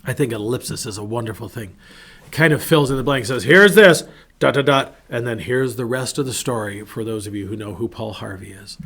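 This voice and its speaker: A man's voice: lowish voice, a little fast, a bit bright, slightly rough. A man, a pastor hosting his own show, giving an earnest, conversational devotional talk with many restarts, acting out prayers and quotes. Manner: acts out prayers and quotes in a shifting voice. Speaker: pastor and podcast host.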